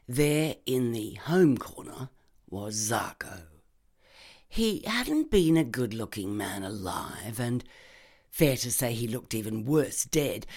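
A woman narrating a crime short story with a wry, expressive delivery. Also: rumbling low. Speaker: narrator and reader. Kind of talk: scripted reading of a crime story.

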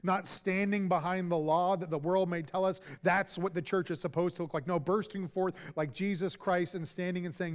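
A man preaching a sermon as pastor, earnest and emphatic, slowing down for key lines. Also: high voice. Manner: earnest, emphatic preaching with slow deliberate pauses. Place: church sanctuary.

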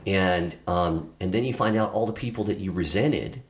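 A middle-aged man, a podcast guest, telling a personal story in a candid, earnest way, halting often with fillers and restarts. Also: low-pitched.

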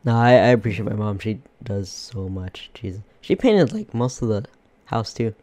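Lively, animated man on a podcast. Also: fairly low pitch, normal speed. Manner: animated, laughing, playful retelling. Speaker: podcast co-host. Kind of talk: casual chat.

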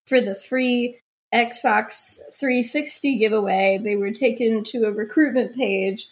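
Higher-voiced woman co-hosting a comedy chat. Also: slow pace. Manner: joking, reads quotes in mock voices. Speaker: podcast co-host.

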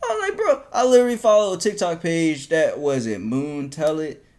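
A man co-hosting a casual podcast chat, animated, repeating himself and laughing often. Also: a little high, fairly quick. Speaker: co-host.

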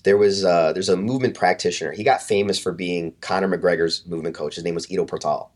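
A man's voice: low voice, fast talker. A man, a fitness coach, casually telling a story as a podcast guest, swearing freely and acting out other people's lines. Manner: animated, profane, acts out quotes in hushed voices.

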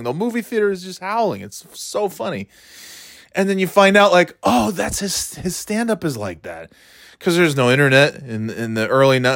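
A man, talking in a rambling, profane, animated way, dropping into quick impressions. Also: medium pitch, no room sound, clean studio sound. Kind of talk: casual comedic monologue.

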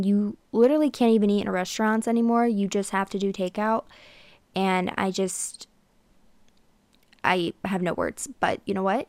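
A woman's voice: medium pitch, dry recording. Chatty sarcastic young woman podcaster. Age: 20s. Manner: chatty and sarcastic, talks straight to listeners. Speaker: podcast host. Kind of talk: casual chat monologue.

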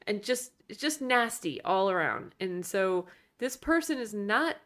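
A woman's voice: medium pitch, lively intonation, measured pace, hardly any pauses, a bit bright. A woman co-hosting a casual podcast, speaking bluntly and chattily about a film, with many "like"s and "you know"s. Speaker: podcast co-host. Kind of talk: casual movie-review chat.

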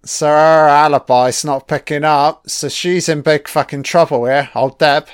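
A man's voice: a little high, fairly even intonation, measured pace, smooth, dry recording, clean studio sound. A man giving casual, sarcastic film commentary, swearing constantly and mocking what is on screen. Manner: sarcastic, heavily profane, mocking.

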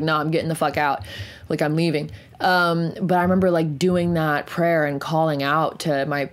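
Low-voiced woman telling a candid story. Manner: profane, rambling, many "like" fillers; slows and drops to near whisper on intense moments. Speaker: podcast host.

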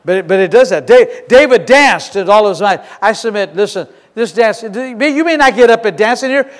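A man preaching with fervor from a church platform, his voice pitched high for a man and driving hard on each point. He doubles back on his words and restarts phrases as he presses on. A long reverb from the large hall trails behind every line. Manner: fervent, emphatic, repeats and restarts phrases. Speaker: pastor. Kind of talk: sermon. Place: church sanctuary.

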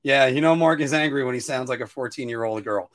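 A man co-hosting a casual podcast chat, rambling and restarting his sentences, now and then jumping up into a high-pitched whine. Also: fast talker. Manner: rambling, self-interrupting, animated with sudden high-pitched whining bursts. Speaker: podcast co-host.

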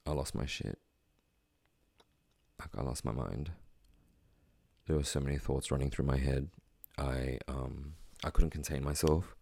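A man telling a personal story in a quiet, halting, reflective way, with many pauses and fillers. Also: a bass voice, steady tone, creaky, breathy edge, dry recording.

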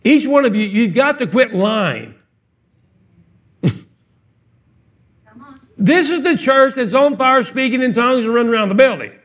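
Brief: male pastor, high-pitched, playful live sermon in a church, punchy questions. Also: a little slow, long pauses. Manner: animated, joking, fires off rhetorical questions. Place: church sanctuary, live service.

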